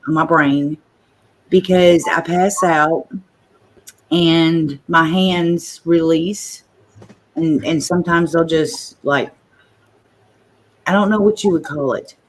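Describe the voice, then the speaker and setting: A woman's voice: low voice, takes it slowly, long pauses. Chatty woman host, livestream chat, a slight stutter.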